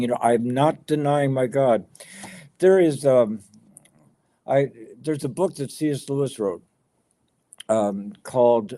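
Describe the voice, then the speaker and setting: A man's voice: medium pitch, mellow, dry recording. A man leading a verse-by-verse Bible study. He talks conversationally, often paraphrasing the text in the first person, with frequent restarts. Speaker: Bible teacher.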